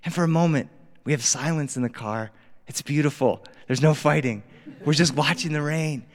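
Animated middle-aged male storyteller. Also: a little high, moderate pace. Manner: animated, acts out family dialogue. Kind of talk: live storytelling. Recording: reverberant live studio sound.

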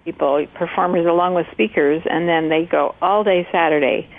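A woman's voice: fairly low pitch, normal speed. A woman co-hosting a radio talk show, chatting with enthusiasm and easy laughter. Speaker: radio co-host. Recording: phone-like lo-fi radio audio.

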